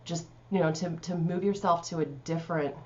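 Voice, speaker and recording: Woman life coach, low voice, calm and chatty, slightly muffled home recording. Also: normal speed. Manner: calm, conversational, many fillers like "you know". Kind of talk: casual advice talk to camera.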